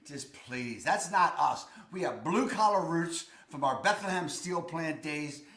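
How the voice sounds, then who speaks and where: A man's voice: on the high side, lively intonation, a little slow, fairly bright tone, reverberant. A man from Baltimore with a Baltimore accent, talking to camera in a casual, enthusiastic, emphatic and folksy way. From Baltimore, Maryland. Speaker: host of a local living channel.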